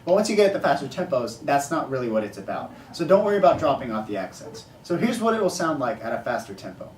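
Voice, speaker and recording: Speaking quickly and with lots of animation, a fairly high-voiced drum instructor casually explains an exercise, calling out sticking patterns and counting rhythms. The mic sits well away from him, and the room is echoey and noisy.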